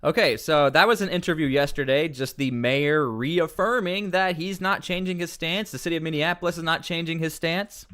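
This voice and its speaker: A man's voice: on the high side, normal speed, few pauses, a bit bright, clear, resonant tone. A man commenting on news during a casual livestream, rambling with many fillers and restarts.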